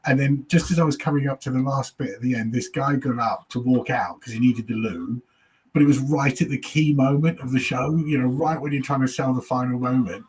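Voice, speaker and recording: A comedian guest with a medium-pitched, slightly mellow and slightly rough voice tells anecdotes at a fairly quick pace. It's casual, chatty storytelling, full of free swearing, as he acts out what other people, audience members included, said.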